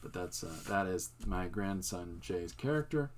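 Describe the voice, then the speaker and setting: An older man who hosts his own art channel, casually showing his pages in a relaxed, meandering, self-amused way. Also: deep voice, a little slow, noisy background. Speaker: artist and channel host. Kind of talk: casual show-and-tell livestream.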